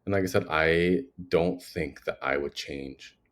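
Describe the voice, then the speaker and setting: A young man with a low-pitched voice talks earnestly and at length. He speaks in a personal podcast monologue that rambles and is full of fillers. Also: unhurried. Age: young adult. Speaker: podcast host.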